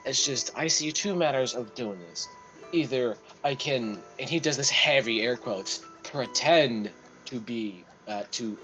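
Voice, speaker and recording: A man's voice: mid-range voice, moderate pace, a bit bright, soft background music, poor audio. A man playing a tabletop role-playing game, rambling and thinking aloud as he plans, with frequent restarts. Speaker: player. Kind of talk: casual tabletop role-play.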